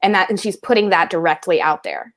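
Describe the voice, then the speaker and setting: A woman co-hosting a film discussion podcast, animated and joking, laughing often between earnest points. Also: on the low side, a little fast. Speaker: co-host.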